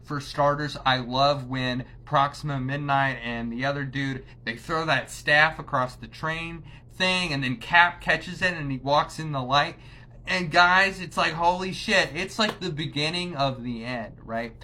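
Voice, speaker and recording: A man casually ranking movies for his channel, enthusiastic and swearing freely in a relaxed chat. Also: a little high, unhurried. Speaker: movie reviewer.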